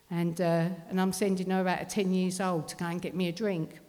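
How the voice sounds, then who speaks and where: A woman's voice: fairly low pitch, level tone, a little fast, few pauses, darkish tone. Blunt woman telling her story in a hall. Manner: blunt, swearing, working-class London speech. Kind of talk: personal recovery testimony. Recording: long reverb of a hall.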